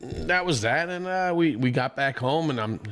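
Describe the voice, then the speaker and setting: A man, hoarse from a recent illness, animatedly telling stories in casual chat as a podcast co-host. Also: fairly high pitch, moderate pace. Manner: animated storyteller, acts out quoted people.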